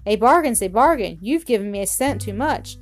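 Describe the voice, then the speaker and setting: An eager, generous young newsboy, bright and a touch high, shouting out his offers, as a woman reading the story puts him on. Faint music plays under the voice. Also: expressive, a little fast, close to an everyday voice. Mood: cheerful.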